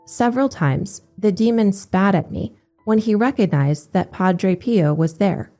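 A woman giving a steady, measured scripted narration of religious accounts. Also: medium pitch, soft background music.

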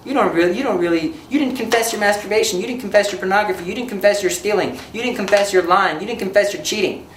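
A man's voice: sits high, fast talker, few pauses, fairly bright tone, roomy sound, recorded from a distance, slight background noise, pitched above the performer's own voice, poor audio. A man voicing God as a stern judge who scolds an insincere penitent and lists his unconfessed sins one by one. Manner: accusing, listing sins one by one.

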